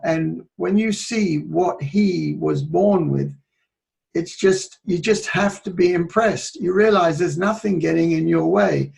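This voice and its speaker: A man giving a reflective talk on public speaking as a coach, talking conversationally and shifting between loud and soft. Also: high-pitched, creaky.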